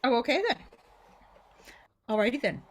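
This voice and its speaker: A woman's voice: on the high side, animated, moderate pace, a little hiss or hum. A woman teaching Irish mandolin tunes in an online class, casually explaining phrasing, often checking in with "right?". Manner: casual, explains with sung syllables and frequent "right?". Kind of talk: online music lesson. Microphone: video call. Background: mandolin playing.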